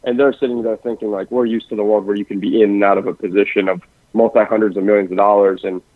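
A man who works in investments at a family office, talking quickly and densely in a podcast conversation, with frequent restarts. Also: on the low side, flat delivery, dry recording. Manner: rapid-fire, dense talker with many restarts. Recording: dry, phone-like lo-fi sound.

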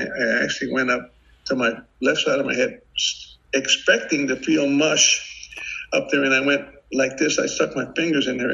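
Gravelly older man telling a war story. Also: medium pitch. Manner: vivid, animated retelling with many restarts. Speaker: podcast guest, retired FBI agent. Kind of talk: casual storytelling interview. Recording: dull lo-fi audio.

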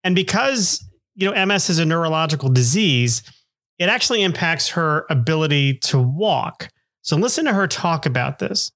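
A man's voice: fairly high pitch, lively intonation, moderate pace, fairly bright tone. Rambling self-deprecating middle-aged man. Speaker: podcast host. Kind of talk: casual podcast narration.

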